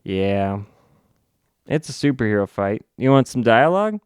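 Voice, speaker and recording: A man reviewing a comic book in a casual recap, halting and restarting, with sarcastic asides. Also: medium pitch, very animated, clean tone, no echo, clean studio sound.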